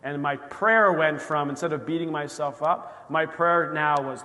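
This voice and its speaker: Guy pastor preaching, chatty, slightly high voice, long echo in the church. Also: unhurried, few pauses, pushed and bright. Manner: conversational preaching, acts out quoted voices. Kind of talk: sermon. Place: church sanctuary.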